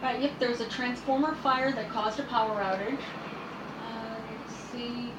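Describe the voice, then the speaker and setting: Woman, casual home chat, fairly high voice, filler-heavy, echoey room, noticeable background noise. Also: steady tone, measured pace. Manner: chatty, reads news aloud with many fillers. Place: at home, indoors.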